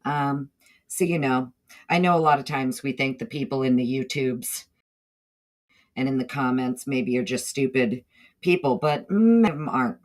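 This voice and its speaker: A livestream host from the northeastern United States, she has a Southern drawl and a very deep voice at a moderate pace. Her relaxed chat drifts loosely between thoughts, and she greets chat members by name when they arrive.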